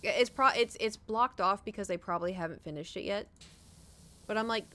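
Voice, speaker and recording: A woman's voice: mid-range voice, brisk, a little hiss or hum. A woman streamer chatting casually while she plays, rambling and swearing as she tells stories. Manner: rambling, profane, animated storytelling. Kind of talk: casual chat while gaming.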